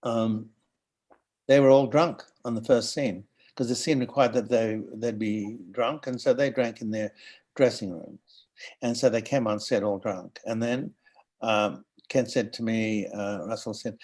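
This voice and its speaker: An older Australian man telling animated anecdotes as an interview guest, acting out the voices of people he quotes. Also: on the low side, normal speed. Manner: animated storyteller who acts out quoted voices. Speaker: guest actor.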